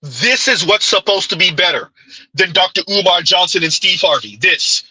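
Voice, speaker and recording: Animated, husky man reacting in disbelief. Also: sits high, moderate pace, dry recording, rough recording. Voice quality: husky, very bright and animated, incredulous exclamations. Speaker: commentary streamer. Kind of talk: reaction commentary.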